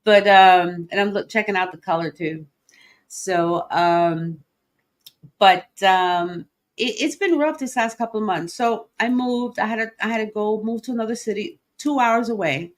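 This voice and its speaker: A woman's voice: mid-range voice, moderate pace. A middle-aged woman hosting a livestream podcast, talking openly and emotionally, with many fillers and restarts. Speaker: podcast host. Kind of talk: personal livestream talk.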